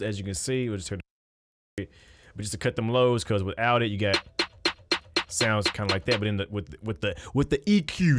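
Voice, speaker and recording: A man talking casually through a beat-making tutorial at his computer, loose and conversational with frequent restarts. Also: lowish voice. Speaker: music producer.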